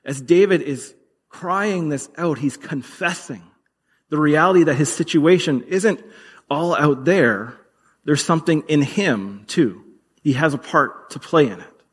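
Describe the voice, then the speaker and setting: A man's voice: fairly high pitch, a little slow, breathy edge. A man preaching a sermon in a conversational, earnest way, with dramatic readings of scripture. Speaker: pastor. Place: church hall. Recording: reverberant hall.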